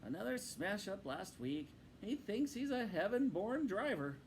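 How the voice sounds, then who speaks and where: Small male rat, excitable, high-pitched, eager, storybook voice, acted by a man. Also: measured pace, slight background noise, exaggerated voice. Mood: grave. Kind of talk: storybook read-aloud.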